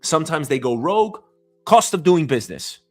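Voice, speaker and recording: Guy from new york going off on a rant, high voice swinging all over, swears a lot. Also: big pitch swings, brisk, faint music behind. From New York City. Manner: angry, profane, emphatic. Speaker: host. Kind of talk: ranting commentary. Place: home.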